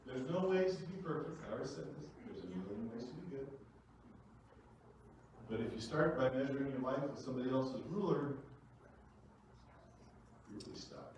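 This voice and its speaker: A man giving a lively, conversational presentation to a room of parents, with big swings in loudness. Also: medium pitch, normal speed, pauses often, slight background noise. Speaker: workshop presenter. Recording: echoey room from far off.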